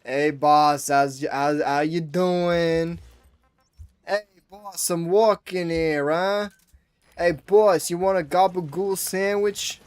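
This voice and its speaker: A man's voice: on the high side, fairly even intonation, takes it slowly, clear, resonant tone, dry recording, voice pushed up. A man voicing a brash male soldier in a put-on New York accent, pushy and calling the listener boss.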